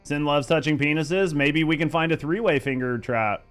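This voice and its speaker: Young male game streamer, smooth and clear, crude joking banter with chat. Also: fairly high pitch, normal speed, a bit bright, soft background music. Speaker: streamer and gaming host. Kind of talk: casual live-stream chat.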